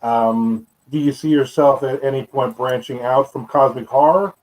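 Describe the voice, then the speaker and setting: A man's voice: mid-range voice, normal speed, darkish tone, low-quality recording. A man co-hosting a casual video-call interview, asking questions in an easygoing, wry way. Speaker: co-host.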